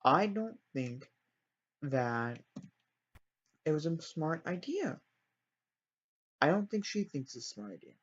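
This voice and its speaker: A let's-play narrator with a slightly high, fairly bright, husky voice tells his life-simulation game story slowly and very animatedly, leaving long pauses. He rambles casually, corrects himself, and sounds apologetic, all on a dull lo-fi recording.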